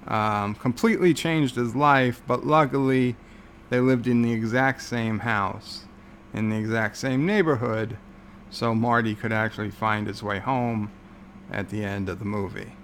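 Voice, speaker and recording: A man's voice: mid-range voice, a little slow, fairly bright tone, a little hiss or hum. A man hosting a casual livestream from home, rambling sarcastically with many filler words. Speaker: livestream host.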